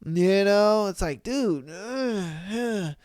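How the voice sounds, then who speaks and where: Slangy, animated male podcast host. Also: sits high, drawn-out words, no echo, clean studio sound. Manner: animated, slangy, exclaims often. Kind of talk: casual reading and reacting to listener stories.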